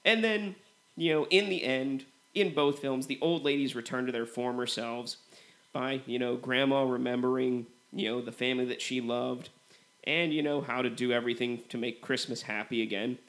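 A man's voice: mid-range voice, normal speed. Laid-back man co-hosting a movie podcast. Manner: relaxed, filler-heavy comparisons with "you know". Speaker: podcast co-host. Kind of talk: casual movie review chat.

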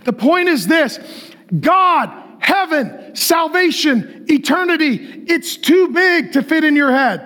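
A middle-aged man preaching to a large congregation, excitable and joking, often yelling as he talks. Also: very high-pitched, takes it slowly. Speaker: pastor. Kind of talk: energetic shouted sermon. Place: large church auditorium with a live congregation.

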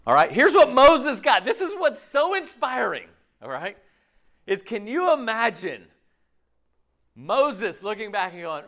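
A male pastor delivers a sermon with a high-pitched voice that swoops up and down. He talks in an animated, rhetorical way and keeps checking in with his listeners. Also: unhurried.

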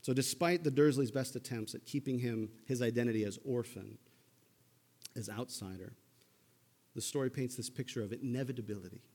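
A man's voice: mid-range voice, brisk, a little mellow, big-room sound. A man preaching a sermon in a conversational way, retelling a story and checking in with his listeners. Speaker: pastor.

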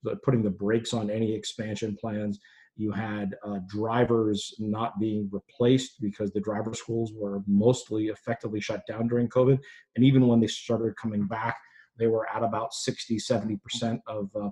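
Male analyst guest, low-ish voice, quick and unpolished, lots of "uh". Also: a little mellow, low-quality recording. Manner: fast, thinking aloud with many fillers and restarts. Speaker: freight industry analyst guest. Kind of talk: interview answers.

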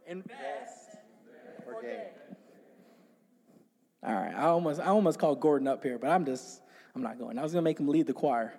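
A man preaching an energetic sermon in a small church, bouncing around and calling on the congregation to repeat after him. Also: medium pitch, fast talker, big-room sound. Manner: energetic, jumping about; call-and-response with congregation. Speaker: pastor. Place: small church with few people.

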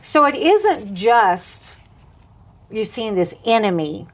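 A woman, a minister on television and radio, chatting on a Christian talk show and telling stories with lively voices and frequent laughter. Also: mid-range voice, takes it slowly. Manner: animated storyteller, laughs often, acts out voices.

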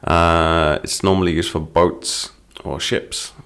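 A man's voice: low voice, flat delivery, takes it slowly, fairly bright tone, clear, resonant tone. A middle-aged man teaching English phrases through song lyrics, patient and explanatory.

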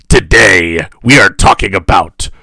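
A man's voice: medium pitch, sharp tone, no echo. A young man co-hosting a movie podcast, rambling and laughing in casual chat. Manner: giggly, rambling, enthusiastic. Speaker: podcast co-host.

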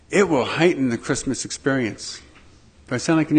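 A man preaching a sermon to his congregation, slow and emphatic, with dramatic pauses. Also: mid-range voice, very animated, a little mellow, breathy edge. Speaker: pastor.

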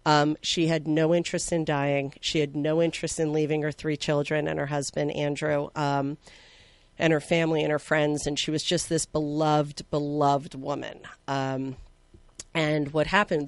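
A woman's voice: sits low, no room sound. Emotional woman telling a heartfelt story. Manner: heartfelt, emotional, with many fillers; swings from slow and soft to loud and excited. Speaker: guest. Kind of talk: personal storytelling.

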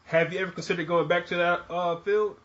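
A man's voice: sits high, little pitch movement, brisk, a bit bright, muffled recording. A man hosting a casual interview, asking curious questions and swearing offhand. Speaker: interviewer, podcast host.

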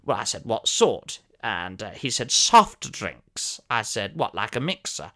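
A man's voice: fairly low pitch, big pitch swings, unhurried, sharp tone, heavily acted. Guy putting on a pompous old actor, fussy and over the top, voice swoops up and down a lot. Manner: theatrical, fussy, over-elaborate storytelling. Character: pompous elderly male former soap actor, grandiose. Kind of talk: comic character monologue.

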